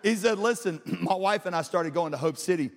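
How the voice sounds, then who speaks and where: A pastor, a man with a high voice, preaches to his congregation, moving from casual storytelling into loud, shouted passages. His throat sounds a bit strained from the shouting. His voice rings out with the long reverb of a big auditorium. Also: brisk, creaky, slight background noise. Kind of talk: sermon.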